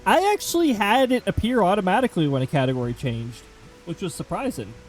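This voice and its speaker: Chatty streamer man with lively pitch. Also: fast talker, soft background music, rough recording. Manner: chatty, self-mocking, reads chat aloud. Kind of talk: casual live-stream gameplay chat.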